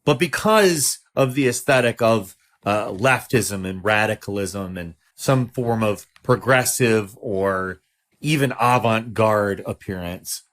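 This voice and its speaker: A man's voice: fairly low pitch, takes it slowly, a bit bright. A man co-hosting a podcast, arguing his political points in a heated, emphatic way. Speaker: podcast co-host. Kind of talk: casual political discussion.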